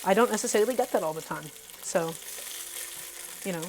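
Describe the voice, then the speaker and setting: A woman's voice: medium pitch, fairly quick, a little mellow, a little hiss or hum. A woman hosting a casual cooking live stream, talking through each step and greeting her viewers by name. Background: faint music and sizzling pan.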